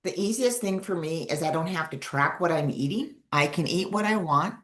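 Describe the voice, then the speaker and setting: An older woman from Montana speaks with a slightly low voice. She talks plainly and warmly as a guest in a casual interview. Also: lively intonation, moderate pace. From Montana, United States.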